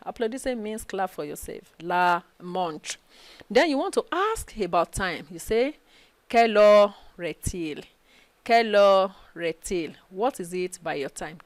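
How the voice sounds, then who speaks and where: A woman's voice: mid-range voice, no room sound. A woman with a Nigerian English accent teaching a recorded French lesson. She repeats each phrase twice and checks in with "okay?". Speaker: French language lecturer. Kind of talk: recorded study-session lecture.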